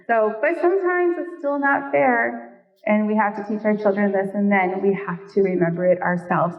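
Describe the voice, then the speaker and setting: A woman's voice: medium pitch, normal speed. Woman preaching, distant in a big hall. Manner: conversational, playful asides to the audience. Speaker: Bible teacher. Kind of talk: sermon. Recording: distant, dull, long hall reverb.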